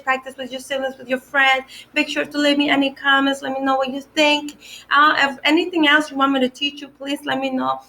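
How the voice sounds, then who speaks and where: A woman teaching vocabulary to children, repeating each word slowly and cheering them on in an upbeat way. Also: high voice. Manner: upbeat, encouraging, talks warmly to children. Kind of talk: slow, repeated vocabulary drill for kids.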